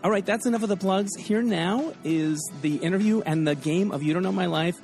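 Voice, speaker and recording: Male podcast host, chatty and rambling, a touch high-voiced, with faint music underneath. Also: brisk, vocal fry, a little mellow. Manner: chatty, rambling, laughs often. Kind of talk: casual chat.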